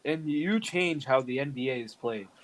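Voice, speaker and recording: A man's voice: medium pitch, expressive, moderate pace, poor audio. A young man co-hosting a casual sports podcast, animatedly defending his picks in a debate. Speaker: podcast co-host.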